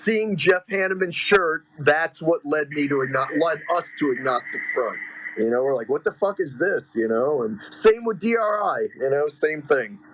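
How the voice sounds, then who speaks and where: A man's voice: a little high, normal speed, slight background noise, low-quality recording. A man in casual podcast chat, telling stories with lots of fillers and swearing. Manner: excitable storyteller, heavy swearing and fillers.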